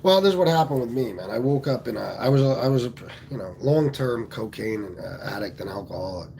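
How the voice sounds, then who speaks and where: A man's voice: mid-range voice, expressive, quick pace, creaky, a little mellow. A man from Pennsylvania hosting a casual livestream, talking bluntly with plenty of swearing and reading viewer comments aloud. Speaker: livestream host.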